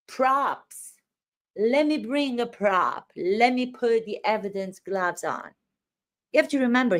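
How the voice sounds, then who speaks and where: A woman acting teacher gives commentary on court footage. She talks emphatically, leaning hard on chosen words. Her voice sits in a middle pitch. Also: a little mellow. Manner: emphatic, stresses words for effect.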